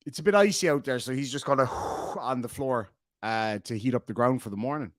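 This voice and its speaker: A man's voice: medium pitch, fairly quick, dry recording, studio quality. A man in his forties, from Ireland, casually chatting on a livestream, reading out chat and joking with plenty of swearing. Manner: animated, swearing, joking asides. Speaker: streamer reading live chat.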